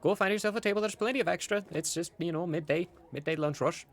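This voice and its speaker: A man's voice: sits high, quick pace, voice pushed up. A man voicing a cheerful, chatty male tavern keeper in a tabletop game, eager and bubbly. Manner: bubbly and eager, says "aye" and "brilliant".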